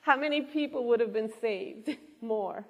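An earnest woman delivers a sermon to a gathered congregation, calling out questions to the room as she goes. Her voice sits a little high, and a long reverb trails behind her words in the church hall. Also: measured pace. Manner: earnest, engaging the audience with questions. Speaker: preacher.

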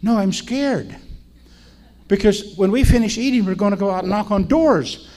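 A man's voice: high voice, normal speed, a little mellow, pitched above the performer's own voice, close to an everyday voice. A man doing a scared young student. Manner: pleading, anxious. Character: nervous young male student canvasser.

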